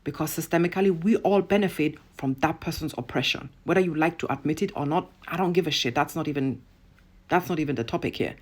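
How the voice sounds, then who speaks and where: A woman rants to camera in a husky, lowish voice. She is blunt and profane, leaning hard on each point with emphatic repetition. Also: fast talker, a little mellow. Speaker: online commentator. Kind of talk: impassioned rant to camera.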